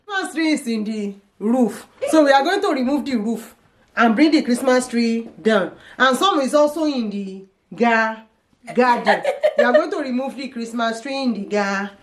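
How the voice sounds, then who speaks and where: A woman's voice: fairly high pitch, normal speed, a little hiss or hum. A middle-aged Nigerian woman with a Nigerian accent, joking and laughing as she chats at home on her daughter's vlog. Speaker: vlogger's mother. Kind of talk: casual vlog chat. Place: home, indoors.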